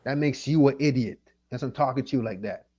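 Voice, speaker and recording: A man from Jamaica rants on his own channel, profane and fed up, circling back to the same points. He sounds a little loose from liquor and weed. His voice is dark and mellow, and the recording is dull and lo-fi. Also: medium pitch, quick pace, husky. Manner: profane, annoyed, repetitive ranting. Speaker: channel host. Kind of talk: livestream rant.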